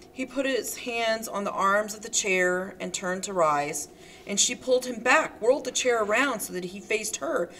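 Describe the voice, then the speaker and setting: A woman narrating a novel in a steady, expressive reading voice. Her pitch sits in an ordinary middle range. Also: slight background noise. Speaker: audiobook narrator. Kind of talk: scripted narration.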